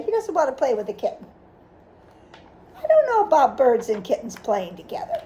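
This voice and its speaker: A woman's voice: very high voice, moderate pace. A woman reading a picture book aloud to a child, stopping often to ask questions about the pictures. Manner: animated, asks the child questions.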